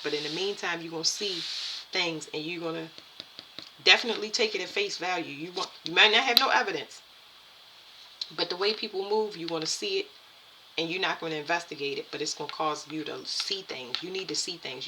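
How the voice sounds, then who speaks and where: A woman giving a spiritual card reading to her viewers, halting and repeating herself as she talks. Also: fairly low pitch, background noise. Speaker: tarot and energy reader.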